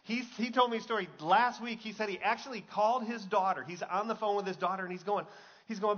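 Guy pastor preaching, chatty and jokey, kinda high bright voice, dull lo-fi sound. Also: quick pace. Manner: conversational, jokey, asks the crowd questions. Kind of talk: sermon.

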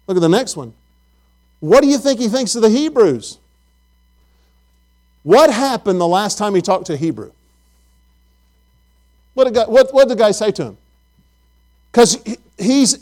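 A man's voice: high-pitched, a little mellow. A man preaching a Bible lesson, asking his listeners questions and often repeating words as he goes.

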